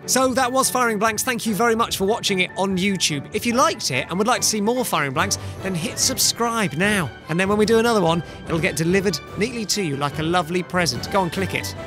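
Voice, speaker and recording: A man's voice: high voice, fast talker, few pauses. A man hosting a radio game show in a studio, teasing the players and counting down mock-solemnly. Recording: radio studio with background music.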